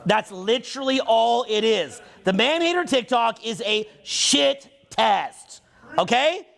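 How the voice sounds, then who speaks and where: A man's voice: very high-pitched, animated, vocal fry, fairly bright tone. A man, a social skills coach, in a heated, profane, emphatic monologue that keeps picking up speed. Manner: talks fast, gets on a roll. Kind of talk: unscripted ranting monologue.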